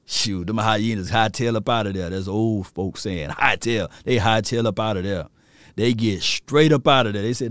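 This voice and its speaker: A man hosting a sports stream, telling slangy, excitable stories and laughing often. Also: lowish voice, moderate pace, clear, resonant tone, no echo. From rural area. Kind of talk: animated sports talk.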